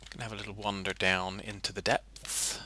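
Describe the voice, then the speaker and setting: A man's voice: fairly low pitch, level tone, moderate pace, bright, forceful tone. A man chatting playfully while playing a game, joking and laughing often. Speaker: player. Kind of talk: casual gaming chat.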